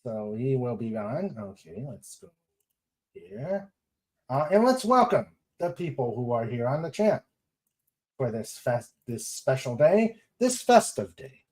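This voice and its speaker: Slow, sing-song man hosting a stream. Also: medium pitch. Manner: laughs easily, unhurried, lively intonation. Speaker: host. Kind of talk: livestream hosting, casual chat.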